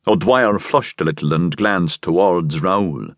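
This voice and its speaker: A man narrating an audiobook novel with expressive storytelling. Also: deep voice, moderate pace, few pauses, dry recording.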